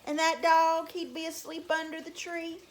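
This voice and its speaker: A woman telling a folk tale to young children at story time, in a slow, sing-song, animated way. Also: very high voice, slight background noise. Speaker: teacher reading to children.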